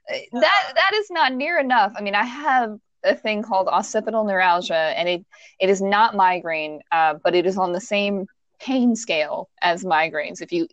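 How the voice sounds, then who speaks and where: A woman's voice: mid-range voice, no room sound. Thirties woman, casual storyteller, laughs a lot, dry close mic. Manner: animated, laughs often, acts out quotes.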